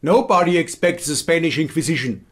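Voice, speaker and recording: A man with a Hessian German accent playing a pompous, bumbling male inquisitor who declaims loudly and trips over his own lines. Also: on the high side, brisk, loud music behind the voice, natural voice.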